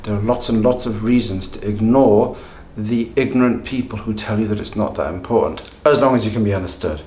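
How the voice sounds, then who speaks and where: Male teacher, lowish voice, deliberate and emphatic, recorded in an echoey room. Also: a little mellow, slight background noise. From Britain. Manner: deliberate, emphatic, tag questions. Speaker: language teacher, channel host. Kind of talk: explanatory video lesson.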